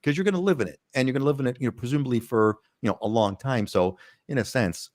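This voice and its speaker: A man's voice: mid-range voice, fast, dry recording, clean studio sound. A man in his fifties hosting a live panel show, chatting casually and rambling with frequent restarts. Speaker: host.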